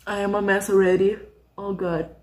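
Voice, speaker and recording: A young woman hosting her own reaction channel, gushing excitedly and swearing freely as she reacts emotionally. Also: medium pitch, normal speed. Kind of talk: casual reaction commentary. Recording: echoey room, faint music behind.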